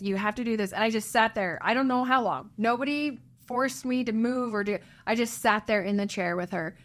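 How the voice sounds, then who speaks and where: A woman, a guest on an interview, telling her own emotional story in an earnest, halting way, her voice sinking low at the hardest parts. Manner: earnest, halting, voice dropping low at hard moments. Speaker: interview guest, birth mother.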